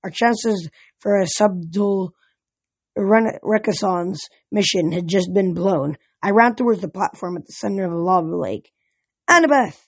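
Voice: mid-range voice, moderate pace, darkish tone, slightly rough, no echo. An amateur audiobook reader narrating a first-person adventure story, often stumbling over words and restarting.

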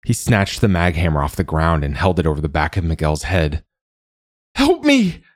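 A man narrating a story in a measured, steady way, like a scripted audiobook. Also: rumbling low, no room sound, studio quality.

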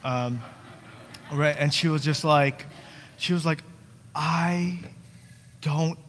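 Earnest young pastor in a reverberant hall. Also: male voice, fairly high pitch, slow pace, fairly bright tone, a little hiss or hum. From New Jersey. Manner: conversational, joking asides, earnest pleading. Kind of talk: sermon. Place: church sanctuary. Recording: long church hall reverb.

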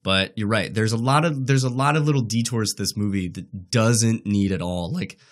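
A man co-hosts a casual podcast in a low voice. His manner is relaxed and wry as he trades views with his co-host. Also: normal speed. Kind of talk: casual chat.

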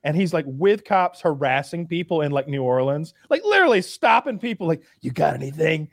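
A man's voice: a little high, very animated, brisk, no echo. Chatty host man, dry close sound. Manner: rambling, profane storytelling with many restarts. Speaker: podcast host. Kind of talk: casual chat.

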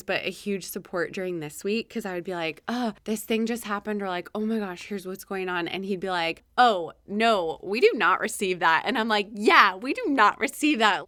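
An upbeat woman talks through a solo podcast episode, lively and chatty, acting out her own thoughts as little quotes. Her voice sits at an ordinary middle pitch. The recording is dry and close, with no room sound. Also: no echo. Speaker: podcast host. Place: home office.

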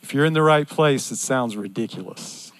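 An older man preaching a sermon in an earnest, repetitive cadence that swings between loud and hushed. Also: mid-range voice, animated, normal speed, no echo.

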